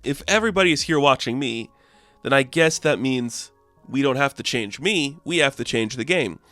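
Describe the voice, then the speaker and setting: A man's voice: mid-range voice, lively intonation, normal speed, sharp tone, no echo, soft background music. A man voicing a bubbly, friendly young heroine. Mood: upbeat.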